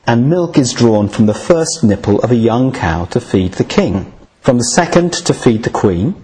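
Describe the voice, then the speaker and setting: A man's voice: on the low side, darkish tone, breathy edge, poor audio. A man giving a lecture with dry, wry humour. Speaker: lecturer on Buddhism.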